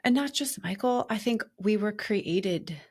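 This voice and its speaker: A woman's voice: medium pitch, a little slow, slightly rough. A young adult woman hosting a podcast, chatting casually with a friend and retelling stories with lots of laughter and restarts. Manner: animated, laughing storyteller with many restarts. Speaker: podcast host. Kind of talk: casual conversation.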